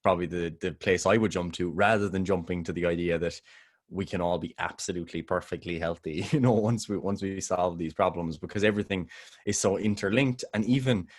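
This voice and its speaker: A man with a very low, deep voice talking on a podcast in a relaxed, rambling way. He restarts his sentences often and breaks into laughs now and then. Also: brisk. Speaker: podcast co-host. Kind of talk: casual podcast chat.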